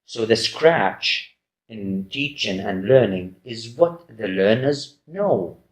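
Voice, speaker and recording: A man's voice: fairly low pitch, animated, takes it slowly. A man giving a recorded lecture, hesitant and full of fillers and restarts. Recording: roomy echo.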